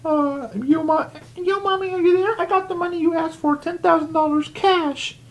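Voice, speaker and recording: A man voicing a little girl in a dream who calls out for her mommy in a high falsetto. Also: moderate pace. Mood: sing-song. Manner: high falsetto, sing-song.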